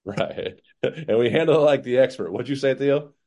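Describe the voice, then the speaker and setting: Guy coaching sales reps, super animated pitch, acts out the customer bits. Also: moderate pace. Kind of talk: casual sales coaching chat.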